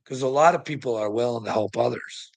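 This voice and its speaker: A man's voice: medium pitch, fairly quick, gravelly. A weary man ranting in a profane monologue to the camera, swearing constantly and stammering through restarts. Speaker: vlogger.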